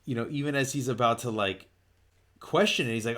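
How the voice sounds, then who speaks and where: A man hosting a comic book show talks through a story in a relaxed, chatty way. His pitch sits in the middle of the usual male range. He gets openly excited, piles up fillers and restarts, and keeps the retelling loose and unscripted. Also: a little fast. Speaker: comic book podcast host. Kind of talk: casual comic book recap.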